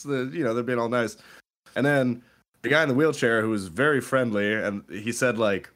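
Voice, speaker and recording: A man in casual conversation, spinning a story with lively energy. He laughs often and slips into quick impressions of the people he met, his voice at a typical middle pitch. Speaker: podcast co-host.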